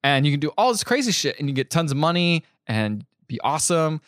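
A man co-hosting a casual podcast, retelling a movie plot with profanity and quick impressions. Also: a little high, big pitch swings, fairly bright tone, no room sound, studio quality. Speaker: podcast co-host. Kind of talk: casual movie recap chat.

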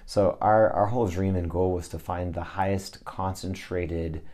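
A man's voice: low-pitched, steady tone, normal speed, noisy background. A man who leads a ministry, answering interview questions with earnest stories and scripture in a preaching tone. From Texas. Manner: earnest, storytelling with scripture quotes. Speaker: ministry leader, guest.

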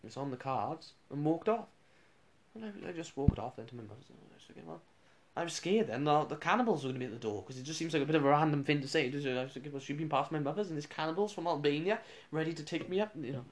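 A man's voice: fairly high pitch, very fast, few pauses, a little hiss or hum. A man, a radio presenter, casually rambling through funny school anecdotes with restarts and chuckles.

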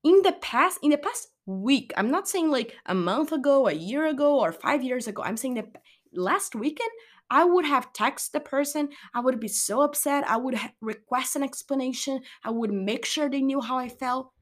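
A young woman with a high voice speaks at a moderate pace directly to her viewers about anxiety and self-care. This wellness vlogger's candid motivational monologue is earnest and rambling, with frequent restarts.

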